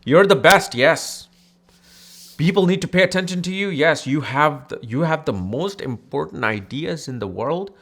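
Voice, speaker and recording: A man voicing a sarcastic male cosmic force who flatters proud people with exaggerated mock praise. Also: on the high side, normal speed.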